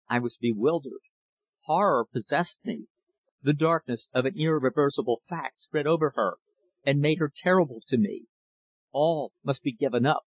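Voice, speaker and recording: A man reading a novel aloud as an audiobook narrator, measured and steady. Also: mid-range voice, breathy edge, no room sound, muffled recording. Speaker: audiobook reader. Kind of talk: scripted narration.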